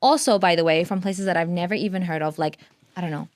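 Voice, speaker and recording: A woman's voice: on the low side, fast talker, no room sound. A woman from Australia, co-hosting a casual podcast chat, blunt and playful, swearing casually. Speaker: podcast co-host.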